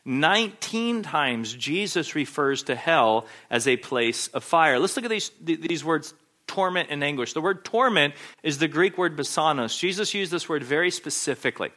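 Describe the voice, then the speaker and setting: A male preacher delivers a sermon with a bright, forceful edge to his voice. He speaks emphatically and insistently, circling back to repeat the same points. His voice sits a little higher than most men's. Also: lively intonation, normal speed.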